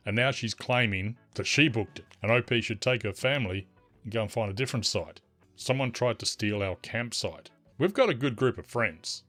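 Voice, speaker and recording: A man's voice: lowish voice, fairly bright tone. A man reading out an online forum story in scripted narration, with wry, teasing asides. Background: faint music.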